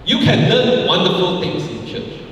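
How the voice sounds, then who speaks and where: A man's voice: high-pitched, animated, moderate pace, a bit bright, a little hiss or hum. A man preaching a sermon as pastor, emphatic, often repeating key phrases, in a church sanctuary. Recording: echoey hall, mic far off.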